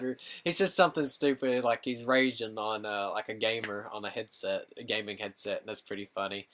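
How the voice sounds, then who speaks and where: Excitable young man, bright voice. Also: lowish voice, brisk, hardly any pauses. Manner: rambling, excitable, constant "dude" and "like". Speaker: gaming channel host reviewing a film. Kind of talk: excited casual movie review.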